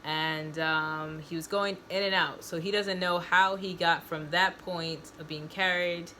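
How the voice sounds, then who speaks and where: A woman's voice: fairly low pitch, steady tone, a little slow, sharp tone, slight background noise. A woman host casually recapping a story, rambling and repeating herself as she explains.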